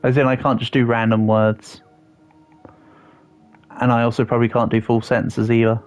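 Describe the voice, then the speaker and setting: A young man chats through a gaming livestream at a relaxed, mid-range pitch, poking fun at himself as he answers his viewers. The audio is a little dull, with soft music running underneath. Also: moderate pace. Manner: chatty, self-deprecating, answers viewers aloud. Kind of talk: casual gaming livestream chat. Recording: slightly dull audio with faint background music.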